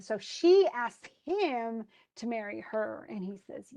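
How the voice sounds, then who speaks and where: A woman's voice: on the high side, animated, a little slow, hardly any pauses, mellow, lo-fi sound. A woman teaching, casually retelling a play and paraphrasing it in modern everyday speech. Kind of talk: casual literature lesson.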